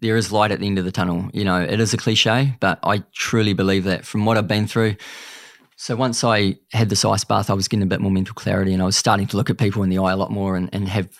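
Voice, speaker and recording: Kiwi male guest, lowish gravelly voice, dry close mic, earnest and chatty. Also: little pitch movement, fast, dry recording. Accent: New Zealand. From New Zealand. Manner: earnest, chatty, calls the host mate. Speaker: podcast guest. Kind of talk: candid storytelling interview.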